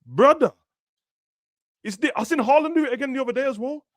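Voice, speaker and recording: A man's voice: very high voice, quick pace, no echo, clean studio sound. A young man, chatting casually about football and acting out players' words in slangy talk. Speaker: football podcast host. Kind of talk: casual chat.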